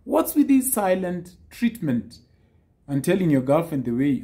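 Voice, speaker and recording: A man giving casual dating advice, lively and teasing, acting out the texts he quotes. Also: on the high side, a little slow.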